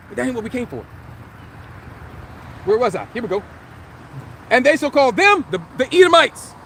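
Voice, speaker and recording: A man giving a live religious teaching as a street preacher, emphatic, firing rhetorical questions and shouting scripture for drama. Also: extremely high pitch, creaky, slight background noise.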